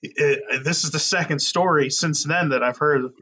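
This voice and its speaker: A man's voice: a little high, moderate pace, bright, forceful tone, slightly rough. A man co-hosting a casual podcast chat, teasing his friend with hesitant restarts. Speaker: podcast co-host.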